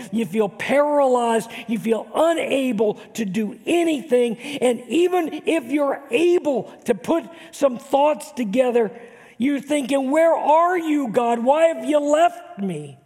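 A man's voice: very high voice, dark tone. An older man, a pastor, preaching a sermon earnestly and repeating words for emphasis. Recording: long hall reverb.

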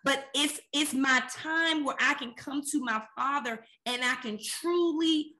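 A woman's voice: high-pitched, measured pace, sharp tone, slight background noise. A woman co-hosting a faith podcast, talking about prayer in an earnest, conversational and emphatic way. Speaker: podcast co-host.

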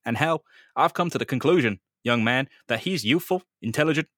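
A man's voice: animated, fairly quick, a bit bright, no room sound, studio quality, natural voice. A man voicing a hearty, overbearing older police captain who drawls and keeps calling people son. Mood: folksy. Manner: booming, drawling, calls everyone son.

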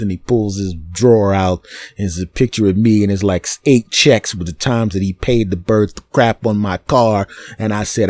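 A low-voiced male podcast host rants through a comic monologue in a mock-indignant way. The recording is close and dry. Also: moderate pace, darkish tone, no room sound. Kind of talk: comedic monologue storytelling.

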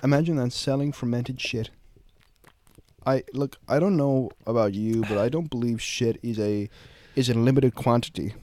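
Sarcastic podcast dude, teasing, swears, normal pitch. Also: male voice, moderate pace, warm tone, no room sound. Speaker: podcast co-host. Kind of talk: casual chat.

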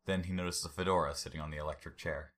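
A man's voice: very deep voice, steady tone, racing, fairly bright tone. A man reading a story aloud and then chatting casually about it. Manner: casual, laughs while commenting.

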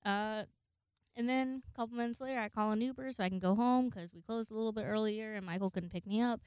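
A woman's voice: fairly high pitch, fast talker, a little mellow, smooth, no room sound, studio quality. Rambling, swearing young woman telling a story. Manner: rambling, swears a lot, acts out voices in quotes. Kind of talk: casual storytime monologue.

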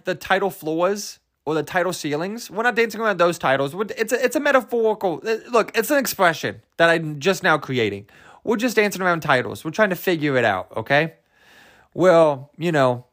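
A man's voice: high voice, fairly bright tone, no room sound, studio quality. A young man hosting a solo podcast, rambling in a goofy, self-amused way and laughing at his own jokes. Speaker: podcast host.

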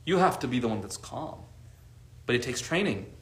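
A man's voice: medium pitch, animated, normal speed, fairly bright tone. A man teaching a casual study class, talking conversationally and often checking in with his listeners with rhetorical questions, dropping in Arabic religious expressions. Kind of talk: casual lesson to a group. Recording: echoey room.

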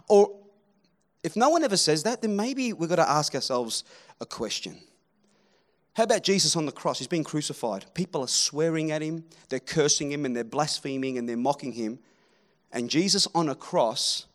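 A preacher with a high voice delivers a sermon. He rallies the crowd with lively calls and drops to hushed tones between them. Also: brisk. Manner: animated, rallying the crowd, swings from loud to hushed.

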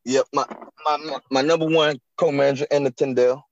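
A man who manages a restaurant, guest on a podcast, talking earnestly in a halting way and often repeating words. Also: mid-range voice, fairly even intonation, a little mellow, no room sound, lo-fi sound. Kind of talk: casual interview chat.

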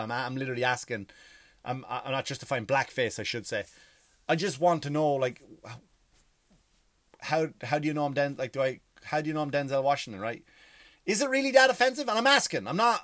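An Irish man from Ireland ranting casually, profane and animated, firing off rhetorical questions. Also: mid-range voice, no room sound.

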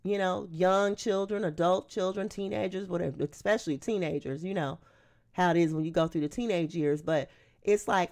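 A woman's voice: lowish voice, moderate pace. A woman preacher delivering a sermon. She reads scripture aloud and then explains it in an emphatic, conversational way. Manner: animated, emphatic preaching that breaks into acted-out quotes.

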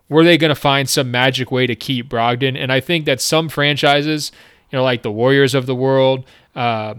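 A man's voice: medium pitch, a bit bright, clear, resonant tone, no room sound. Brief: male co-host, resonant voice, dry studio sound, dry teasing delivery. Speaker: podcast co-host. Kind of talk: casual sports chat.

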